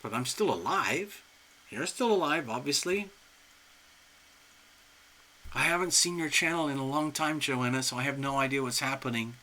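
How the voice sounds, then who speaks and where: Excitable, chatty male tarot host. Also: medium pitch, moderate pace, long pauses. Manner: chatty, excitable, laughs often; talks straight to viewers and clients. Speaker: tarot reader, channel host. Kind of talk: live-stream tarot reading.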